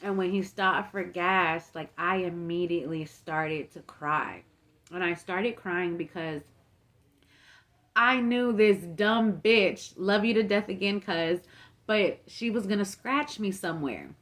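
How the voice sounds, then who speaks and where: A woman's voice: fairly low pitch, slow pace, fairly bright tone. Young woman rambling thru a storytime while eating, lots of "like", acts out everyone she quotes. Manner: chatty, filler-heavy, acts out quoted people. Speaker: mukbang vlogger.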